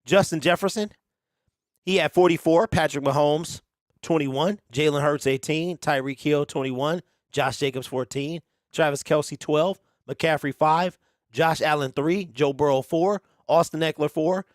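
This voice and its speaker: A man's voice: a little high, unhurried, no room sound, studio quality. A man hosting a sports talk show, chatting casually, laughing hard and often and repeating his words.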